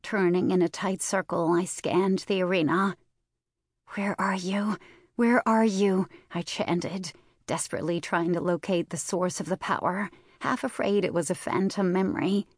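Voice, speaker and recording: A woman narrating a first-person fantasy novel in a steady, measured storytelling voice. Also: on the low side, breathy edge, no echo, studio quality. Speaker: audiobook narrator.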